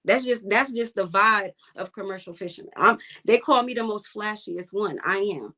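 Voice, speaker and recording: A woman's voice: medium pitch, normal speed, pushed and bright. A woman guest, a commercial fisherwoman, talking bluntly and emphatically in a casual interview and repeating her points for weight.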